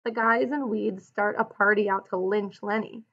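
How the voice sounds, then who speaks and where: A woman reading aloud the lines of a blunt, weary ranch-hand man who protects his friend, in a rough, plain-spoken way. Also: medium pitch, fairly even intonation, normal speed, lo-fi sound, lightly acted. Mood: telling.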